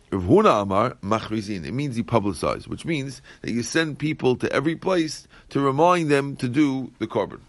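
The speaker is a man teaching Talmud in a mid-range voice, with no room sound on the recording. Aramaic lines are read first and then explained in plain English, and he repeats phrases often while going through the text.

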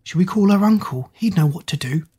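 A reader voicing Maddie, a worried teenage girl, in a higher voice. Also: lively intonation, a little fast, mellow, husky. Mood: anxious.

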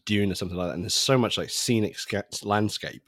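Low-pitched male co-host, bright edge, hesitant, dry close sound. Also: fast, dry recording. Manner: hesitant, repeats words while thinking. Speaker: podcast co-host. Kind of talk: casual chat.

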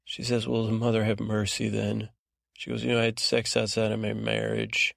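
A man with a heavily gravelly, fry-laden voice drifts through a sleepy bedtime recap, meandering and low-key, stumbling over fillers. His pitch stays flat and monotone. It sounds dry and close, with no room at all. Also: moderate pace, dry recording. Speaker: podcast host.

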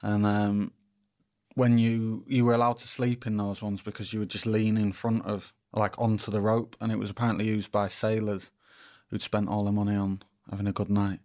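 A man with a fairly low voice co-hosts a relaxed radio show. He tells a story hesitantly, pausing on fillers and restarting his sentences. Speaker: band member and radio co-host. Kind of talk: casual radio chat.

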